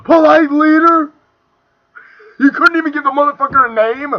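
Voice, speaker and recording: A young man ranting angrily about a movie, profane and swinging between shouting and muttering. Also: extremely high pitch, moderate pace, long pauses. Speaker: video reviewer. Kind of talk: angry movie rant. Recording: dull lo-fi home recording.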